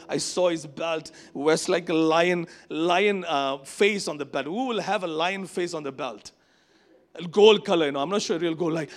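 High, gravelly-voiced pastor from Asia. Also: male voice. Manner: animated, conversational, acts out quoted voices. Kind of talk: sermon with personal storytelling. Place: church service before a congregation.

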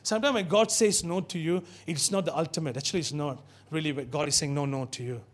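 A man delivers a fast, animated sermon to his church, his voice high and lifted, pulling the congregation into call-and-response.

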